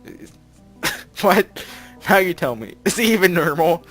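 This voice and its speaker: A man's voice: high-pitched, big pitch swings, unhurried, a bit bright, soft background music. A young man reading a visual novel aloud and commenting on it, rambling, with lots of filler words and laughs. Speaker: let's play narrator.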